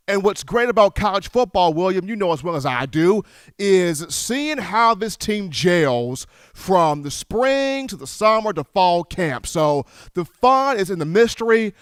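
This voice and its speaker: A man hosting a sports call-in show, upbeat and animated as he greets callers. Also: high voice, clear, resonant tone, no echo, clean studio sound. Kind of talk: sports radio call-in talk.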